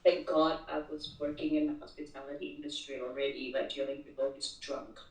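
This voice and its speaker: A woman's voice: low-pitched, level tone, brisk. A woman as an interview guest, telling a work story in casual talk and often repeating words as she starts sentences. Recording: roomy echo, distant mic.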